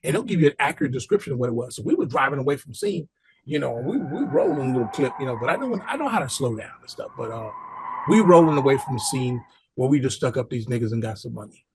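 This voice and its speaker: A man's voice: medium pitch, sing-song, quick pace, background noise. A man casually telling a story to the camera in loose, profane street talk full of repeated asides.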